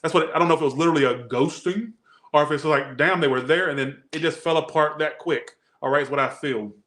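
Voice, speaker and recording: A man's voice: fairly high pitch, quick pace, a bit bright. A man doing a casual tarot reading, chatty and rambling, slangy and often breaking off mid-thought. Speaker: tarot reader.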